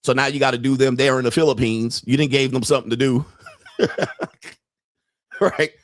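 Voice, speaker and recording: A man's voice: mid-range voice, fairly even intonation, normal speed, dry recording. Brash ranting man, very dry sound. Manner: brash, ranting, laughs often, mimics people. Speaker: podcast host. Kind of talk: profane livestream monologue.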